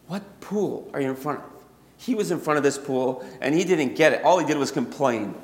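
A man preaching a sermon in a conversational way that builds to animated emphasis, heard in a church hall. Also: on the high side, brisk. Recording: echoey hall, long reverb.

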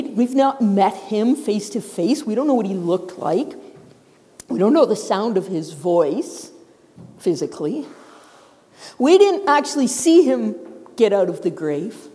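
A woman's voice: a little high, takes it slowly. Woman preaching in a reverberant hall. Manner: lively storytelling, acts out voices of characters. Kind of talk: sermon. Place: church sanctuary. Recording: long reverb of a large hall.

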